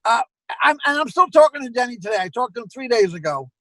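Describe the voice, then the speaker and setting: Bright high-voiced man telling stories. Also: quick pace, no echo, poor audio. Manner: animated storyteller acting out quoted exchanges. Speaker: comedy club owner, guest. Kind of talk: casual anecdote telling.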